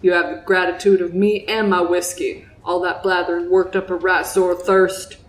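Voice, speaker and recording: A woman voicing a haunted old drunk sailor with a put-on Southern accent, telling his tale slowly and solemnly. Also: fairly low pitch, flat delivery, natural voice. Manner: slow, solemn storytelling, breaking into giggles. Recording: roomy echo.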